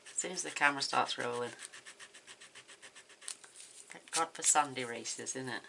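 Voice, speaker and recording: A woman hosting a card-making tutorial at home, chatting casually and thinking aloud as she works, with quick laughs. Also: rumbling low, gravelly, noisy background. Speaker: craft tutorial host. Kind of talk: casual demonstration chat.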